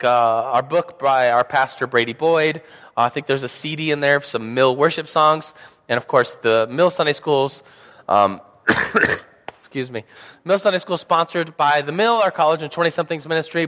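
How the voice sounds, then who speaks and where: On the high side with a fairly bright tone, the young man's voice fills a reverberant church hall. Nursing a slightly sore throat, he gives a loose, joking Sunday school talk that wanders and leans heavily on fillers.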